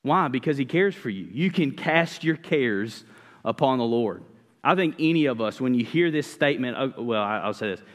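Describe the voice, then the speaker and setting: A man's voice: mid-range voice, lively intonation, moderate pace. Pastor guy preaching, earnest, lots of "like" and restarts, long church-hall reverb. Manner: earnest, repetitive, with conversational fillers and restarts. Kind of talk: sermon.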